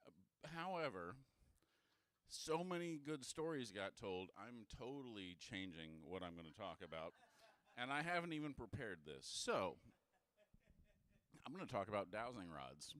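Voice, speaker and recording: Dude winging a story at a bar, kinda low voice, smooth and clear, offhand jokes. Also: male voice, big pitch swings, measured pace, long pauses, a bit bright. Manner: casual, offhand, joking. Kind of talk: improvised story told live. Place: indoor bar.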